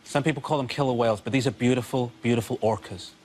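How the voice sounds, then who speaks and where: A man's voice: medium pitch, quick pace, darkish tone, a little hiss or hum. A man doing comedy on a panel show, ranting and exasperated. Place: TV studio before a live audience.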